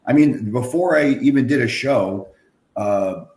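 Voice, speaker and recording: A man's voice: mid-range voice, expressive, measured pace, a little mellow. A man, a coach, chatting casually in a loose way, full of "like" and "you know.". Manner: loose, filler-heavy, lots of "like". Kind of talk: casual chat. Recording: roomy audio with faint background noise.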